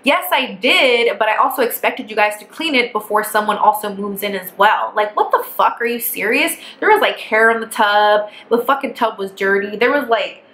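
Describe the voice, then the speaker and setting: A young woman rattles through a casual storytime, animated and full of profanity, sounding fed up. Her voice is bright and sharp. The room is echoey, with a faint hiss underneath. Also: medium pitch. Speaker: vlogger.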